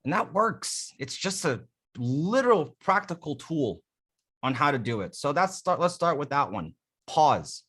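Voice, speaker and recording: A man's voice: on the high side, sing-song, a little slow, fairly bright tone, husky. A man coaching a live class on how to use the voice, talking emphatically and casually and demonstrating each technique. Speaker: dating coach. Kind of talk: live coaching session on vocal delivery.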